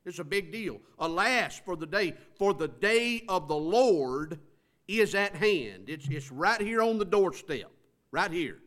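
A man's voice: high-pitched, fairly bright tone. Emphatic preacher man. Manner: preaching with rising emphasis, rhetorical questions. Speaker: pastor. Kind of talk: sermon. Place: church sanctuary.

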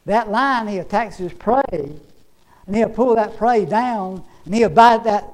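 A man's voice: high voice, measured pace, low-quality recording. A man preaching a sermon in an emphatic, repetitive, folksy way, reading scripture and telling stories.

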